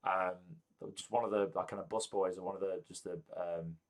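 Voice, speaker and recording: A man narrating as game master of a tabletop game, halting with frequent ums and restarts. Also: sits low, steady tone.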